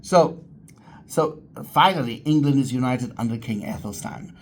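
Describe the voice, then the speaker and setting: A man's voice: mid-range voice, moderate pace, breathy edge. A man hosting his own channel, talking casually and enthusiastically about history and his heritage, rambling with frequent restarts. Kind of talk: casual talk to camera.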